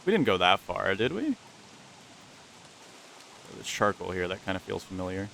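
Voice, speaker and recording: A man's voice: deep voice, steady tone, quick pace, vocal fry, bright, forceful tone, slight background noise. A man giving casual, self-mocking running commentary while playing a survival game. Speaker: gaming YouTuber. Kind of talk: casual let's-play commentary.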